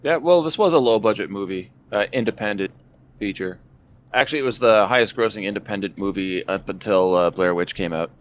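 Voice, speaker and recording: Low-voiced man reading out movie stats. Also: brisk. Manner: matter-of-fact, reads out facts and figures. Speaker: podcast co-host. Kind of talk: casual movie review chat.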